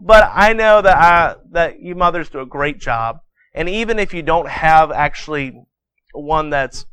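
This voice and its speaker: Guy preaching, high voice, dry sound, jokey y'all kind of talk. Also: a bit bright, no echo. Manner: folksy, joking, acts out a bedtime story; says y'all. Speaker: pastor. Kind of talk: sermon.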